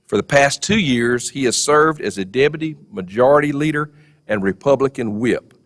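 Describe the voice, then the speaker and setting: A man's voice: mid-range voice, animated, moderate pace. Genial man hosting a ceremony. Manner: genial, joking. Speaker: ceremony host introducing the speaker. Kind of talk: ceremony introduction. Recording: long hall reverb.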